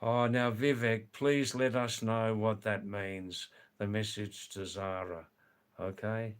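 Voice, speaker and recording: A man's voice: lowish voice, fairly even intonation, clean tone. Chatty Australian man hosting a live stream. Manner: chatty, reads viewer comments aloud, drawn-out explanations. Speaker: livestream host reading chat. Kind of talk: casual live-stream chat.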